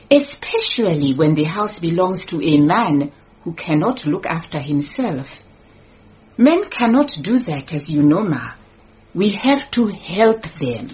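Mma Ramotswe, calm and shrewd. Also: female voice, fairly low pitch. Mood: sly. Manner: measured, polite, pointedly sly. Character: shrewd, calm, composed woman, newly engaged. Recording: dull lo-fi radio recording.

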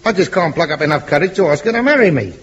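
Lovesick bashful fellow. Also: male voice, on the high side, sing-song, very fast, a bit bright. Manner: mock-lyrical, sentimental gushing. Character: lovesick bashful man, cheeky and sentimental. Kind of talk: 1950s radio comedy acting. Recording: dull old radio broadcast with audience.

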